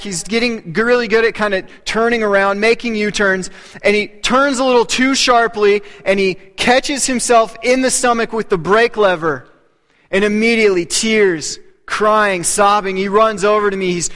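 A man in his thirties preaches with a high, light voice and earnest intensity. He often sinks to a near-hush to drive a point home. His words ring out with a long reverb, as in a large church hall. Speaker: pastor. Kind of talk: sermon.

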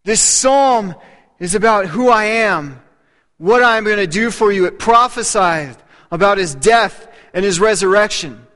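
A man in his thirties preaching a sermon, earnest, often dropping to a hushed voice to press a point. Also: sits high, expressive, measured pace. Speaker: pastor. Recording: long hall reverb.

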